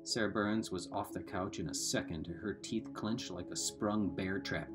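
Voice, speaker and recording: A man reading a novel aloud in a steady voice, sometimes correcting a slip. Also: lowish voice, a little slow, few pauses, over music.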